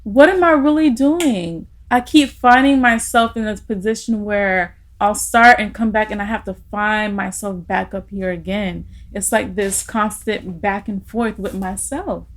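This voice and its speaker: A young woman talks through a personal story on a casual podcast. Her voice sits at a middle pitch, and she speaks with open feeling. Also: unhurried, few pauses. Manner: emotional storytelling, laughing through tears.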